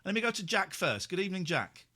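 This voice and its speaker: Rich: A man hosting a late-night radio phone-in on a studio microphone, teasing callers and breaking into shouts. His voice is sharp and very bright, and it swings widely in pitch. It sits a little high for a man. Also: big pitch swings, fast.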